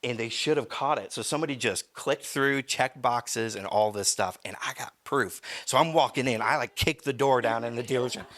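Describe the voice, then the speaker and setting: A man's voice: medium pitch, normal speed, few pauses, fairly bright tone. Rambling storytelling male pastor. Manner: rambling, self-interrupting storyteller. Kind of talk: sermon with personal story. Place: church.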